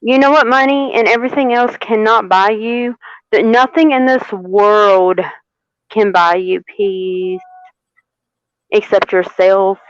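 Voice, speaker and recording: A woman giving a live tarot reading, unhurried and repeating phrases for emphasis. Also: mid-range voice, fairly even intonation, clean tone, no room sound, muffled recording. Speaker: tarot reader.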